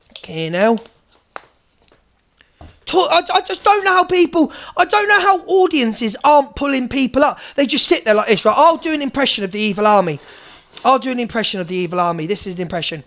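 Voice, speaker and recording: A combative woman ranting on her livestream, sarcastic and full of swearing. Her voice sits high for a woman and she jumps between cutting jabs and retorts. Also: lively intonation, fairly quick, fairly bright tone. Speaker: live streamer. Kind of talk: livestream rant.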